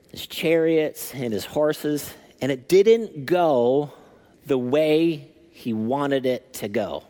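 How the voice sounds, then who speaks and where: A man preaching a sermon as lead pastor, telling a story in a lively, animated way. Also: mid-range voice. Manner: animated storytelling, acting out scripture.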